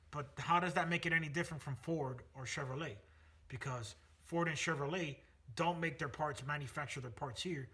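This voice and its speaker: A man's voice: on the high side, normal speed, sharp tone, breathy edge. A man hosting a car channel, talking casually and energetically to camera, full of fillers and self-corrections. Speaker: car channel host, automotive technician.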